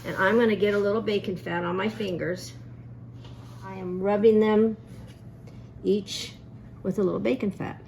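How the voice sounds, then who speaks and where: A woman's voice: medium pitch, steady tone, normal speed, vocal fry, long pauses, a little mellow, slight background noise. A woman hosting a casual cooking demonstration in a home kitchen, chatty and folksy, telling family stories as she works. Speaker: cooking show host.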